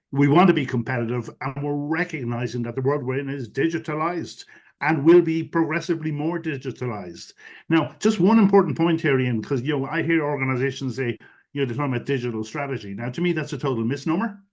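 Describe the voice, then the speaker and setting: A man, a guest expert on a webinar call, explains his views fluently, sprinkling in many "you know" fillers. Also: medium pitch. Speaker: guest expert on digital strategy. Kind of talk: webinar interview answers. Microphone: video call.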